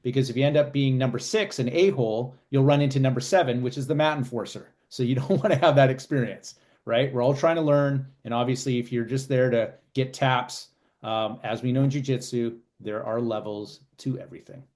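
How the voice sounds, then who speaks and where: A man's voice: mid-range voice, brisk, darkish tone. A man with a mid-range voice goes through advice point by point in an easy, conversational way. He speaks as a co-host recapping for listeners. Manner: listens with short backchannels, then sums up in lists. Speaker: podcast co-host. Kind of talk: casual chat, summing up advice.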